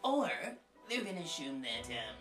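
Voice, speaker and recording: Woman rambling thru a crude homemade comedy show in a fake posh accent, pitch all over the place, echoey room, music blasting. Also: big pitch swings, moderate pace. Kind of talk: rambling improvised comedy monologue. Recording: echoey room, far from mic, loud music behind.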